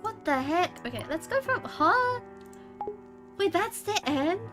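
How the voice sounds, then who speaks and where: High-voiced girl streaming a game, bouncy lively delivery, reads slow, music under it. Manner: animated, dramatic reactions. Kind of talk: game stream, reading game text aloud.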